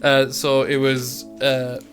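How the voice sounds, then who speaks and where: A man's voice: medium pitch, monotone, takes it slowly, soft background music. A man running a tabletop game as dungeon master, narrating in a chatty, loose style and laughing often.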